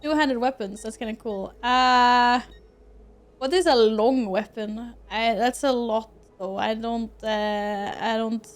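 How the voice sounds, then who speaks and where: Playing a video game on a casual home stream, this young Swedish woman chats and giggles with her audience. She speaks slowly, her voice on the high side with a steady tone.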